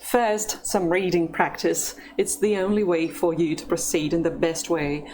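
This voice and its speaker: Woman language teacher, unhurried and careful, lowish voice over faint music. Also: fairly even intonation, a little mellow. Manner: slow, careful, encouraging. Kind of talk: instructional lesson narration.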